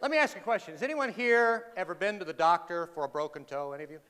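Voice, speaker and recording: A man with a high voice tells a comic story from the stage, dry and sarcastic, poking fun at himself and tossing questions out to the crowd. His voice rings with long reverb from a big hall, with faint ambience underneath. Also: animated, fast, a bit bright, slight background noise. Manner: sarcastic, self-deprecating, quizzes the audience. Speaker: humorous speaker. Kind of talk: humorous keynote storytelling to a live audience. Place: large hall with live audience.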